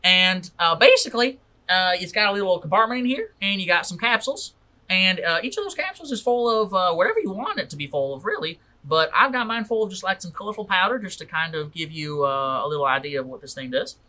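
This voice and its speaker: A boisterous gadget inventor voiced by a man works the crowd with a showman's patter in a tabletop game. His voice rides high above normal speech and rings bright. He stumbles through fillers as he hypes his creation. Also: animated, fast, heavily acted. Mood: salesy. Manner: showy sales pitch full of hesitations.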